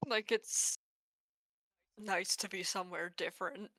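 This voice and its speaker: A woman's voice: mid-range voice, unhurried, sharp tone, no echo. Rambling young-sounding woman player. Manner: rambling with many fillers like "like". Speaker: tabletop game player. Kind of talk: casual play chat.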